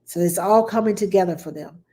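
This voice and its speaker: Animated woman answering baby questions. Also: mid-range voice, brisk. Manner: animated, acts out baby talk and her own quotes; reassuring, repeats "yes" for emphasis. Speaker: nanny answering viewer questions. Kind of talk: casual Q&A talk.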